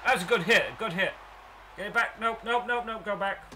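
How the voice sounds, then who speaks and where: An English man commenting excitably and cockily as he plays a baseball video game. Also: sits high, fairly quick, crowd noise. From England. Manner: excitable, cocky, talks to himself. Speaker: let's play gamer. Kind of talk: live gameplay commentary.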